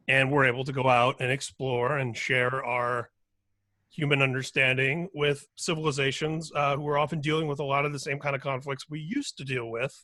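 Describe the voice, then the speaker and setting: A man's voice: medium pitch, pushed and bright, no room sound. A man speaking as a guest on a casual panel discussion, rambling and thoughtful, trailing off and restarting.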